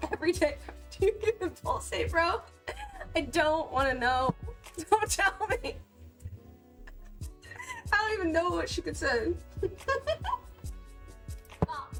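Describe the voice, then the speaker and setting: Giggly high-voiced young woman streamer. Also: fairly bright tone. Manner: giggly, bubbly, laughs often between lines. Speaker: cosplay livestreamer. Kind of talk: casual livestream chat.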